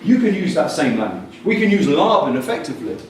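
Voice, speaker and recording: A man delivers an animated keynote at a conference, his pitch jumping all over as he jokes and acts out little scenes. He sits a bit high for a man and sounds far from the mic. A big echoey hall rings around him, with faint room noise underneath. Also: fast talker. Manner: lively, jokey, acts out quotes in voices. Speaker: conference speaker.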